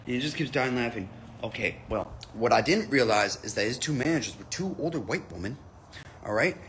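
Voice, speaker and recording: A man's voice: medium pitch, lively intonation, fairly quick, a bit bright, slight background noise. A man telling a comic anecdote in a casual, profane way, jumping into quoted voices. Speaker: comedian telling a story.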